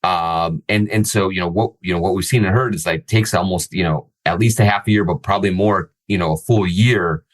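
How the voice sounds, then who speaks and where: A man with a low voice hosts a sports podcast, talking things through in a casual, analytical way with lots of fillers and restarts. He speaks briskly with few pauses, and the recording quality is poor.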